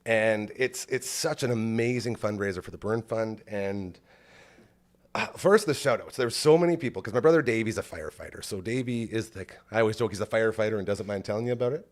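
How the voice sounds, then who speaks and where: A man's voice: fairly low pitch, fairly quick. A man hosting a podcast, telling an emotional story in a rambling, casual way with lots of "like". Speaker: podcast host. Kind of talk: casual chat.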